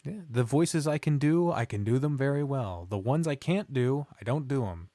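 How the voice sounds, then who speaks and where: Chatting casually on a stream, a Midwestern-accented man who streams and narrates visual novels rambles and trails off with ums. His medium-pitched voice is warm, with lively intonation and a moderate pace, over slight background noise.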